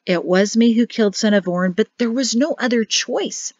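A woman's voice: on the high side, normal speed, darkish tone, dry recording, dull audio, lightly acted. A woman reading as a grim, earnest forest guard. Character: male forest guard, grim yet apologetic.

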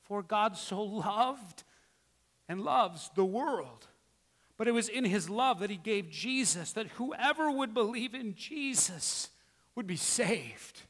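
A male pastor preaching a sermon, emphatic with rhetorical questions, moving between quiet asides and loud exclamations, in a church sanctuary. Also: high-pitched, expressive, slow pace, big-room sound.

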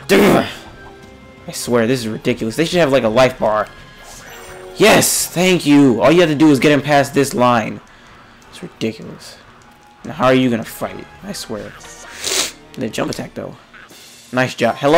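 A young male gamer narrating his own play in a lively, swooping voice. He swings from exasperated grumbling to excited yelps and silly jokes. His voice sounds a little sick. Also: mid-range voice, normal speed, creaky, pauses often, soft background music. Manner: exasperated, excitable, jokey, frequent yelps and grunts. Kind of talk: let's play commentary.

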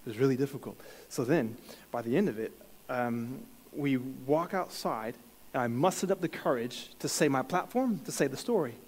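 A man sharing a personal testimony in a sermon, telling the story with animated stammered restarts and bursts of laughter. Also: medium pitch, normal speed, breathy edge, in a large hall, low-quality recording. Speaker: church speaker sharing a testimony.

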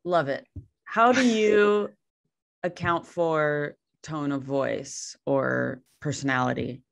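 A woman's voice: low voice, slow, gravelly, no echo, studio quality. A woman hosting an interview, giving short affirmations and asking curious follow-up questions. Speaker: interview host.

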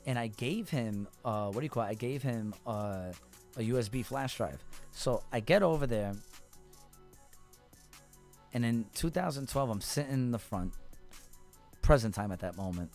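A man in his thirties, a rapper guest, telling a long story in a lively, profane way and acting out the people in it. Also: medium pitch, normal speed, long pauses, faint music behind. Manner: animated, profane, acts out voices in his story. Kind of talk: casual storytelling.

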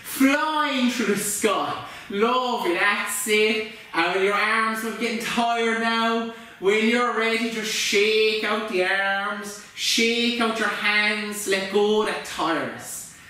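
Slow gentle man teaching yoga. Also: high-pitched. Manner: gentle, encouraging, playful instructions. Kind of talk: guided kids' yoga class. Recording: echoey room, mic far off.

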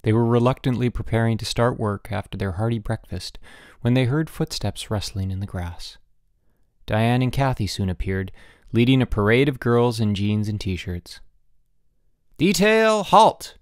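A man narrating a children's audiobook in an expressive storytelling manner, changing his voice for different characters. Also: on the low side, moderate pace, no room sound, clean studio sound.

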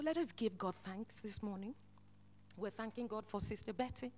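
A woman preaching a sermon in church, swinging between loud, impassioned exhortation and soft, hushed lines. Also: mid-range voice, moderate pace, a little hiss or hum.

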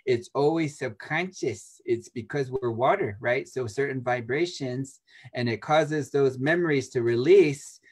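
A man as an interview guest, a shaman, explaining spiritual ideas in casual talk, animated, laughing often and acting out quoted voices. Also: medium pitch, unhurried, slightly rough. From United States.

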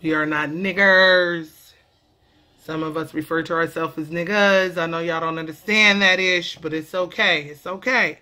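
Bright-voiced woman vlogger, playful and profane. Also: fairly low pitch, moderate pace, few pauses. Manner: animated, profane, playful banter. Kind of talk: casual comedic vlog explainer.

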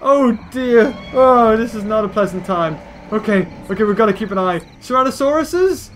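A man giving excitable let's-play commentary as a gaming video host, exclaiming at the action on screen. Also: high-pitched, moderate pace, slight background noise.

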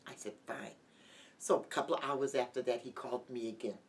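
A woman's voice: a bass voice, fairly even intonation. Grieving middle-aged woman, distant mic. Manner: halting, heartfelt, with many restarts. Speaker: guest. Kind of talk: emotional personal testimony. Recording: distant mic with light background noise.

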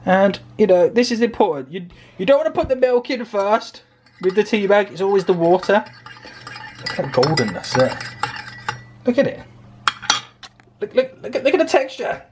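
A man's voice: sits high, sing-song, normal speed, long pauses, noisy background. A man vlogging a playful cooking demo in his home kitchen, filming on a handheld phone and narrating each step with jokes. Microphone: handheld phone camera.

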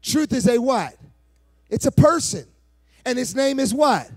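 A pastor preaching a live sermon, calling on his congregation to answer back and building to shouted, sing-song passion. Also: extremely high pitch, expressive, a little slow. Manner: call-and-response preaching, prompting the congregation.

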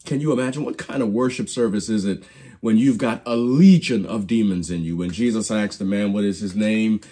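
A man's voice: on the low side, normal speed, warm tone, husky. A man teaching a Bible study lesson in a preacherly storytelling way, often repeating and restarting his phrases. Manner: preacherly storytelling, acts out quoted lines.

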